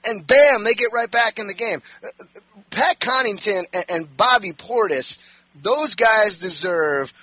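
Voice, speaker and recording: Bright high-voiced excited sports host. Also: male voice, dry recording, rough recording. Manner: animated, rambling with repeated restarts. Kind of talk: excited sports talk storytelling.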